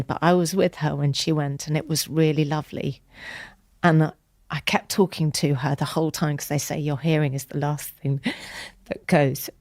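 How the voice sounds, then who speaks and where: A woman, a podcast guest telling an emotional personal story in an earnest, tender way that sometimes drops to a soft whisper. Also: low voice, dry recording, studio quality.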